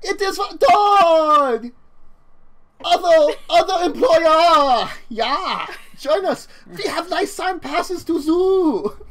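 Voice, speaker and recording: A man voicing excited male street thugs, speaking slow, loud broken English with a mock German accent. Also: extremely high pitch, voice pushed up, full character voice. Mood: thrilled.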